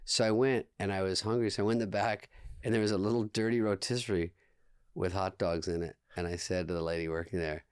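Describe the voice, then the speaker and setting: Male podcast guest, low-ish pitch, deadpan storyteller, dead-dry studio sound. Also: quick pace, smooth, dry recording. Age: 20s. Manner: dry, deadpan anecdotes with quoted dialogue. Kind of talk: casual storytelling chat.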